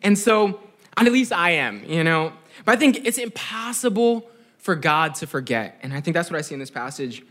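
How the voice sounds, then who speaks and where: A man's voice: a little high, animated, moderate pace, a bit bright. A young man giving a sermon in a conversational, earnest way, often checking in with "right?". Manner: conversational, keeps asking "right?"; earnest, reflective. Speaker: preacher.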